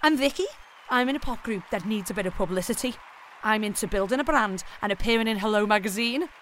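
A man puts on a brash, fame-hungry pop-star woman in a raised voice. She rattles off her demands quickly. There is clear noise behind her. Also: sits high, pushed and bright, voice pushed up.

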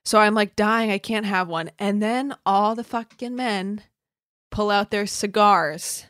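A young woman co-hosting a casual chat, telling lively stories and jumping into high voices when she quotes people. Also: a little slow, dry recording, clean studio sound. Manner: animated storyteller who jumps into squeaky high voices for quoted people. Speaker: podcast co-host.

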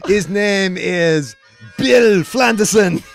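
A man's voice: high voice, slow pace, vocal fry, soft background music, voice pushed up, full character voice. A man putting on an exaggerated mock-French accent as a chirpy, vain character in a comic podcast interview bit, with a sing-song delivery. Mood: playful.

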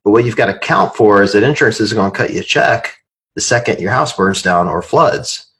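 Man, very deep voice, husky, laid-back podcast host explaining money. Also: expressive, a little fast, a bit bright. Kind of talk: casual podcast chat.

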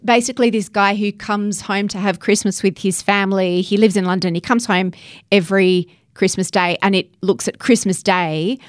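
A woman's voice: mid-range voice, fairly even intonation, normal speed, no echo, studio quality. A woman co-hosting a chat, breezily telling stories and giving recommendations. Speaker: podcast co-host. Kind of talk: casual panel chat.

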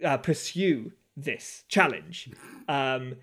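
A man's voice: mid-range voice, expressive, drawn-out words, fairly bright tone, slightly rough. A man co-hosting a podcast, chatting in a rambling, self-deprecating way with fillers. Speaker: podcast co-host. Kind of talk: casual chat.

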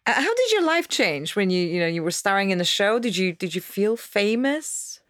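A woman asks short, conversational interview questions. Her pitch moves a lot as she speaks. The sound is dry. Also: big pitch swings, normal speed, a bit bright, no room sound.

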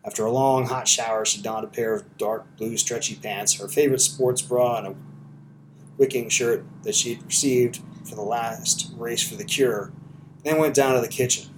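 Steady male audiobook narrator. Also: medium pitch, a little hiss or hum. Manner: steady, measured storytelling.

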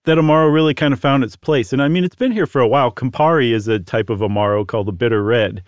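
Man, mid-pitched voice, friendly explainer, casual podcast talk, dry close mic. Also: quick pace, no room sound. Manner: friendly, explains at length with fillers and asides. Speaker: podcast co-host.

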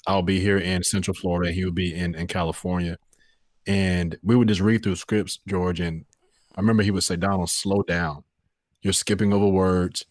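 A man's voice: low-pitched, no room sound, clean studio sound. A man in his thirties, a voiceover artist talking as a podcast guest, reflective and earnest, with many fillers and restarts. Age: 30s. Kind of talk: casual podcast conversation.

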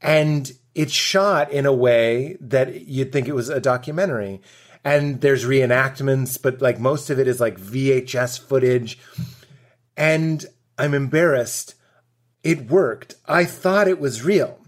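A man with a medium-pitched voice, speaking a little slowly, joins a podcast as a comedian guest. He tells stories casually and with energy, acting out lines and breaking into laughter often.

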